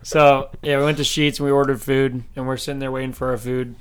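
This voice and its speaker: A young man in his early twenties co-hosting a podcast, telling stories in a casual, animated way and laughing often. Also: mid-range voice, fast talker. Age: early 20s. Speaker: podcast co-host. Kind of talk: casual chat.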